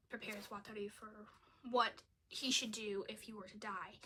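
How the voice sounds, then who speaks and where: A woman's voice: fairly high pitch, fairly bright tone, slight background noise. A young woman giving a casual, chatty film review. She sounds exasperated and says "like" a lot. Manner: chatty, exasperated, uses "like" often. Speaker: video creator reviewing a film.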